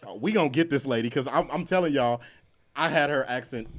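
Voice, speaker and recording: A man hosting a radio show in casual chat, loose and joking and quick to laugh. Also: medium pitch.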